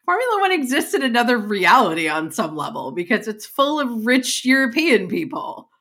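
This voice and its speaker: A woman co-hosting a casual sports podcast, adding quick asides and laughing. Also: on the high side, big pitch swings, sharp tone. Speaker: podcast co-host.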